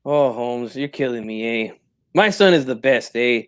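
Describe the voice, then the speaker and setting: A man's voice: medium pitch, lively intonation, a little slow, clean tone, lightly acted. A man doing a comic impression of a tipsy, proud older boxing father who tags nearly every phrase with "eh?" and drops Spanish slang. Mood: wounded, tipsy. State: drinking, tipsy.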